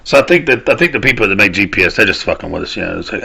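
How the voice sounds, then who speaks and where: A man's voice: fairly low pitch, animated, rapid-fire, creaky, few pauses, sharp tone, breathy edge. A man, hosting a casual rant show, rambling and cursing as he laughs at his own stories. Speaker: podcast host. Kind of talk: casual ranting monologue.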